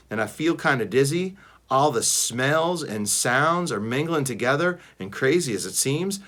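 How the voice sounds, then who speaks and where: Expressive man reading a novel aloud. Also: medium pitch. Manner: expressive, shifts between voices. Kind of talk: first-person novel read-aloud.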